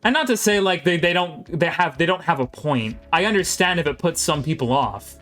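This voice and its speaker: A man giving live play-by-play commentary on a video game match, calling each move quickly and chatting with viewers between plays. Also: on the high side, expressive, a bit bright, faint music behind.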